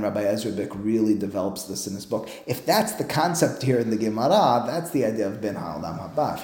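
A man teaching a Talmud class as a rabbi, animated and acting out both sides of a dialogue, peppering his English with Hebrew terms. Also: fairly low pitch. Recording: roomy echo.

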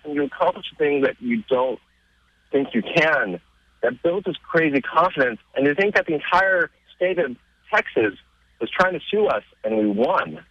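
A man being interviewed on radio, telling stories casually and getting excited, his voice jumping up in pitch as he retells scenes. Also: normal speed, no echo, dull audio. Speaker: interview guest.

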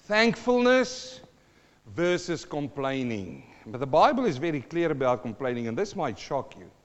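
A man's voice: a little high, sing-song, moderate pace, long reverb tail, dull audio. A middle-aged man preaching a sermon to a congregation, dramatic, asking questions and acting out sounds and voices. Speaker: pastor.

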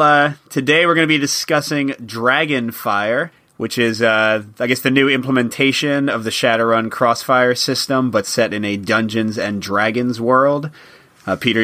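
A man's voice: mid-range voice, steady tone, moderate pace, sharp tone. A man co-hosting a board game podcast, chatting casually and walking through game rules with an upbeat manner and frequent fillers. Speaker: podcast co-host.

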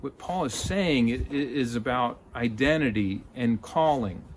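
A man's voice: medium pitch, slight background noise. A man from Texas, giving an earnest sermon and often stumbling over the starts of words. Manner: halting, repeats word starts, earnest. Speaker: lay preacher.

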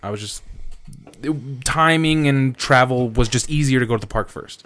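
A man's voice: mid-range voice, normal speed, fairly bright tone. Podcast co-host, thirties man, loose swearing storyteller, laughs through his lines. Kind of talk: casual storytelling chat.

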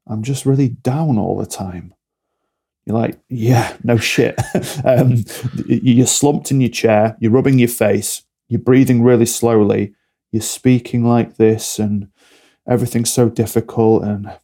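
Blunt man, flat gravelly voice. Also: lowish voice. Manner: blunt, direct, motivational. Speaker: alcohol-free coach, podcast guest. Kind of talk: podcast interview talk.

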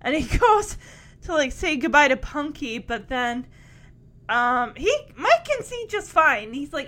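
A woman's voice: high voice, very animated, unhurried, pushed and bright. A young woman casually recapping a TV episode, chatty and giggly, with lots of "like" fillers. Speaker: show recap host.

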